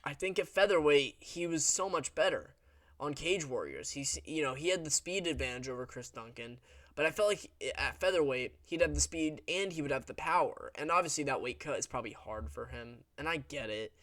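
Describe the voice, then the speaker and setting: A man's voice: fairly high pitch, a little fast, a bit bright, no echo. A young man giving a casual, rambling fight recap, blunt and crude, with many fillers and restarts. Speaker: MMA recap host. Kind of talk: casual commentary.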